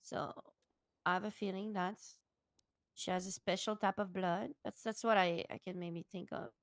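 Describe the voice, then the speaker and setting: Woman, gravelly morning voice, halting doctor roleplay. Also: mid-range voice, steady tone, dry recording. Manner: halting, apologetic, full of restarts. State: rough morning voice. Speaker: streamer playing a doctor in roleplay. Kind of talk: in-character roleplay chat.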